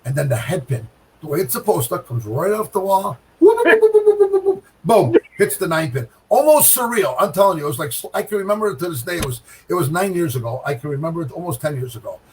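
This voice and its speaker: Middle-aged man, lively storyteller, fairly high voice, faint background hiss; casual talk-show anecdote. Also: fast talker, recorded from a distance, rough recording. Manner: animated storyteller with sound effects and repeated phrases. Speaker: guest pro bowler.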